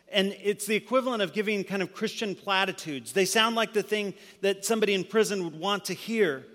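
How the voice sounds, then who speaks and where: Male pastor, fairly high voice, sermon delivery that swings from forceful to hushed, church hall with long reverb. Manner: swings between loud emphatic preaching and hushed near-whisper.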